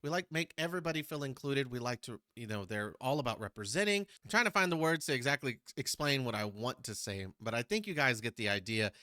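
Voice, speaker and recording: A man's voice: medium pitch, animated, quick pace, hardly any pauses, pushed and bright, dry recording, studio quality. A man from Texas, hosting a casual reaction video in a chatty, rambling way and searching for words. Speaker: YouTube reaction host.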